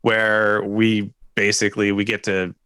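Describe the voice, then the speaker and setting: A man's voice: on the low side, unhurried, clean tone, dry recording, studio quality. A man chatting as a guest developer on a video call, telling stories with a laugh and poking fun at himself. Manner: laughs often, self-deprecating, animated storytelling. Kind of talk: casual chat.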